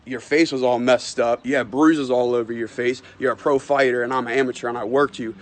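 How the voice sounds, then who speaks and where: Profane, aggressive amateur fighter. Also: male voice, medium pitch, steady tone, fairly quick. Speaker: amateur fighter calling out a rival. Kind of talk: trash-talk callout video.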